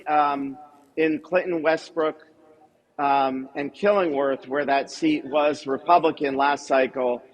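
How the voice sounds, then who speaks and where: A man with a slightly high voice calls in to report election results. He speaks in a measured, hedging way, leaning on fillers as he works through the numbers. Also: steady tone, poor audio. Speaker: party official calling in results. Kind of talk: live call-in update.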